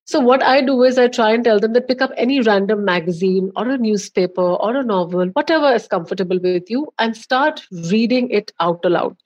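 Emphatic Indian woman coaching, higher voice. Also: a little fast, hardly any pauses, darkish tone, dull audio. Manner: instructive, emphatic, gives examples. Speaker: communication coach, guest. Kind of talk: podcast interview, advice.

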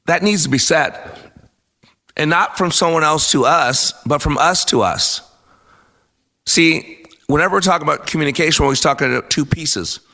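A man's voice: fairly high pitch, normal speed, pushed and bright. A man in his fifties hosting a faith-based motivational radio talk, speaking with earnest, preacherly emphasis. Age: 50s. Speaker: radio host.

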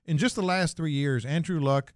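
A man's voice: on the high side, normal speed, no room sound, clean studio sound. A man co-hosting a sports radio show in a laid-back way, walking through figures methodically. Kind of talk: casual sports talk.

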